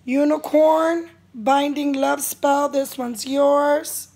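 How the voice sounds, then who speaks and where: Tired woman doing a spell vlog, voice all worn out, kinda high, talks slow and weary. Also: steady tone, a little mellow. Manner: weary and apologetic, drawn-out. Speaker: spell caster. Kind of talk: casual vlog address to clients.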